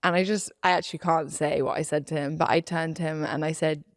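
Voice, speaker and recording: A young woman chats through a story on a podcast with a slightly low voice. She acts out quotes and laughs as she goes, and the recording is close and dry. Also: fairly even intonation, fast talker, no room sound. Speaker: podcast co-host. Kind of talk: casual storytelling chat.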